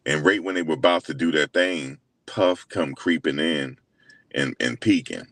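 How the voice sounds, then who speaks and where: A young man with a deep, low-set voice recaps events in a loose, slangy ramble, leaning on fillers and asides. He sounds incredulous and animated when he quotes others. The sound is close and dry, with hardly any room around it. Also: moderate pace, no echo. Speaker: host. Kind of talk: casual storytelling recap.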